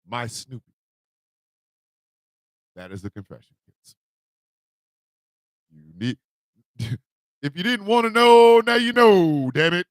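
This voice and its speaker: A man hosting a morning radio show, telling comic confessions with put-on voices and loud, laughing bursts. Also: high voice, a little slow, pauses often, no room sound. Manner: animated storytelling with put-on voices. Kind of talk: comedic radio monologue.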